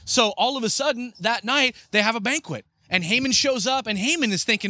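A man preaching a sermon as pastor, retelling a story and acting out the characters' lines in a lively way. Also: extremely high pitch, a little fast, hardly any pauses.

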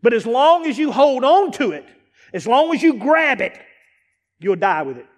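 A man preaching a sermon as pastor, emphatic and repetitive, rising into shouts to drive points home. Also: very high-pitched, very animated, moderate pace. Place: church sanctuary. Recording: long reverb of a large church hall.

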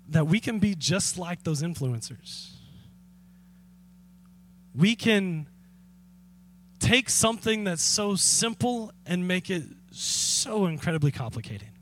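A man preaching as a pastor, telling a story in a lively, conversational way with direct appeals to the congregation. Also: high-pitched. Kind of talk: sermon.

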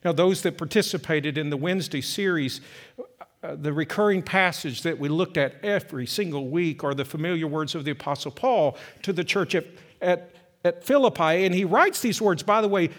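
A middle-aged man preaching a sermon, swinging from loud emphatic peaks to soft, slow passages. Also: on the high side. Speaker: pastor.

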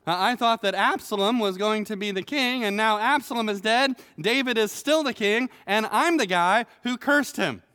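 A man's voice: high-pitched, moderate pace, hardly any pauses, pushed and bright, clean tone, voice pushed up. A man voicing a groveling, panicky male turncoat who stammers as he begs for mercy. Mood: panicked pleading. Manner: frantic, stammering pleading. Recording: long hall reverb.

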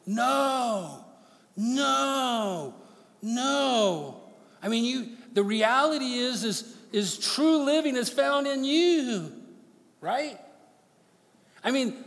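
Male pastor, sermon, fairly high voice, dramatic swings from loud to quiet, long hall reverb. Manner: impassioned preaching, rising to near-shouts then dropping to hushed storytelling.

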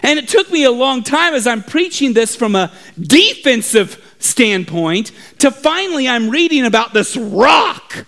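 A male pastor preaching a storytelling sermon, swinging between hushed asides and shouting. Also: very high-pitched, big pitch swings, a little slow, vocal fry, hardly any pauses.

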